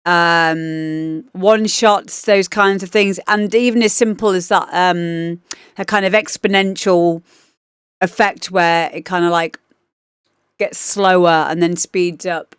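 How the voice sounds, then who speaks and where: A woman's voice: fairly low pitch, steady tone, slow, clean tone, dry recording, clean studio sound. A woman DJ hosting a livestream, chatting casually and rambling with lots of fillers as she gives feedback on demos. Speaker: DJ and livestream host.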